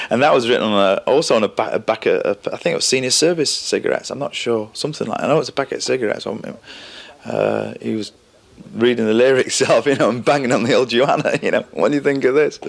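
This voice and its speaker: An older man reminiscing casually in an interview, halting and repeating words, often chuckling. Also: lowish voice, gravelly. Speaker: interviewee, band member.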